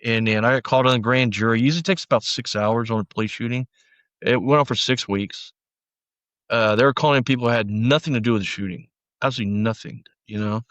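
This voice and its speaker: A middle-aged man, a former deputy, recounting his past in a casual conversational interview, often quoting others and trailing off quietly. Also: mid-range voice, fast talker, no room sound, highs cut off. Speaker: podcast guest, former sheriff's deputy.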